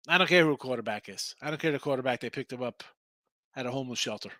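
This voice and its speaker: A man's voice: mid-range voice, rapid-fire, sharp tone, no room sound. A man hosting a sports betting stream, chatting casually with viewers and going off on rants. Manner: loose, ranting, talks straight to the chat. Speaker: sports betting show host. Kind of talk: casual live-stream chat reading viewer comments.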